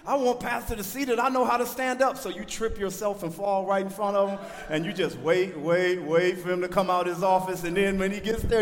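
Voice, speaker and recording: Pastor, male, very high voice, preaching in a church hall, shouted peaks, long reverb. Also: fairly even intonation, brisk, hardly any pauses. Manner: preaching with sudden shouted peaks and quiet asides. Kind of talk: sermon.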